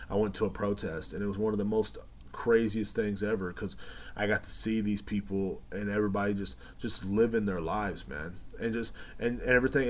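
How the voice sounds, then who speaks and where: A man hosting a podcast, telling rambling, profane stories in a casual monologue full of fillers. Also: fairly low pitch. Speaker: podcast host.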